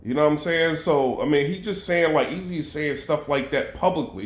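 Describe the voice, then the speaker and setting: A man's voice: a little high, a little fast, few pauses, roomy sound. A man giving casual commentary straight to his viewers, heavy on "you know what I mean" and loose asides. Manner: conversational, filler-heavy, addresses viewers directly. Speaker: battle rap commentator.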